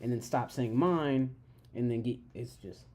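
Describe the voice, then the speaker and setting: Slow, halting livestream host. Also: medium pitch, a little mellow. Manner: halting, with many fillers and restarts. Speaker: writer hosting a livestream. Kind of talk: casual chat.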